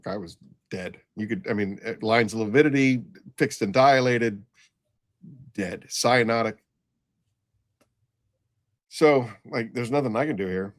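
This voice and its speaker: A middle-aged man, a nurse and former paramedic, telling a blunt story in casual conversation, halting and full of restarts. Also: mid-range voice, dry recording, studio quality.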